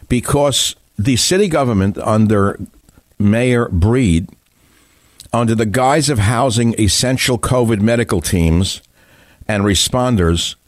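An American talk radio host delivers a combative political monologue dripping with scorn and heavy emphasis. His voice is medium-pitched and the recording is dry.

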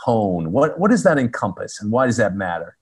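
A man hosts an interview and asks probing questions. He works them out aloud as he speaks, in a fairly low voice. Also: sing-song, fairly quick, breathy edge.

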